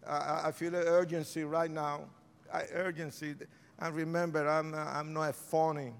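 A man preaches an altar-call sermon in a large church, his voice pitched a little high and ringing with resonance. He swings from shouted declarations to hushed, pleading lines. Each phrase trails into the long reverb of a big hall. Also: little pitch movement, moderate pace, gravelly, clean tone.

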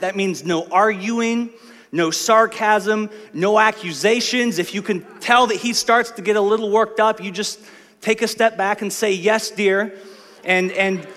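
A man's voice: high voice, fairly bright tone. A man preaching a sermon in a church, telling a story in a conversational way and building to emphatic lists. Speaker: pastor. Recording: long reverb of a large hall.

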